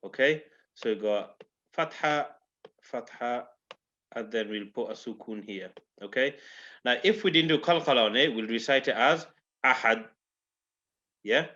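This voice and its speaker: A man's voice: mid-range voice, measured pace, long pauses, sharp tone, lo-fi sound. A man teaching a recitation class online, explaining patiently and often checking in with "yeah?". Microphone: video call microphone.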